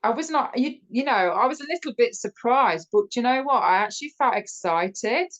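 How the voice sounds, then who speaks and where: A woman from the United Kingdom with a British accent, a podcast guest telling a personal story in a casual, animated way, with many fillers and restarts. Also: a little high, a little fast, low-quality recording. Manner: laughs often while telling the story.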